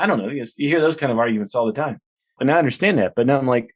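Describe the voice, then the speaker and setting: A man's voice: mid-range voice, lively intonation, racing. A man in his forties, a minister and author, chatting as a guest in an interview and telling stories with lots of restarts. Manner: chatty storyteller, full of "you know" and restarts. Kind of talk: casual interview conversation.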